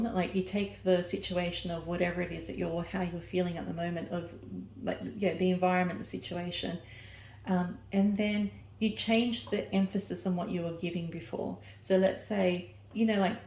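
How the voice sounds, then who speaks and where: A woman's voice: lowish voice, creaky, warm tone, roomy sound, slight background noise. A woman giving an oracle card reading, rambling and searching for her words as she corrects herself mid-sentence. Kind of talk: personal oracle reading to camera.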